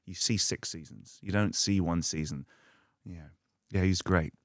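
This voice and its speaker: A middle-aged man, an actor guest on a podcast, telling stories in a casual, animated way, swearing and acting out loud quoted lines. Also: a little slow, no echo, studio quality. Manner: animated, acts out quotes in loud high bursts.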